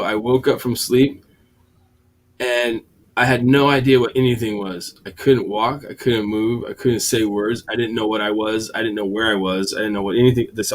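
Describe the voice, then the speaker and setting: Rambling casual man chatting. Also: medium pitch. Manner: rambling, animated, swears often. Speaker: host. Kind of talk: casual chat.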